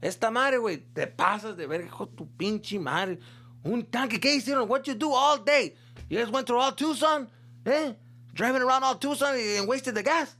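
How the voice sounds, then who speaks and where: Man playing his furious yelling dad. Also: very high-pitched, normal speed, voice pushed up, exaggerated voice. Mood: scolding. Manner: yelling, cursing in Spanish. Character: angry middle-aged Mexican dad yelling at his son.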